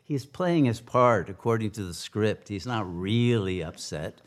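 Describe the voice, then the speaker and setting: A man voicing a calm male god who reassures his consort in an unhurried, knowing tone. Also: lowish voice. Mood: reassuring.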